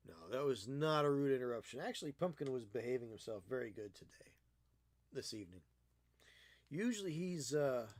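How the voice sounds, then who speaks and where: A man's voice: medium pitch, dry recording. A man streaming his miniature painting, chatting casually and teasing his cat with playful baby-talk.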